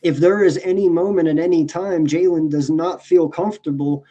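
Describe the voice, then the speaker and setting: A man's voice: fairly high pitch, fairly even intonation, moderate pace, dark tone, dull audio. A man talking sports casually as a podcast co-host, emphatic and profane, often restarting his sentences.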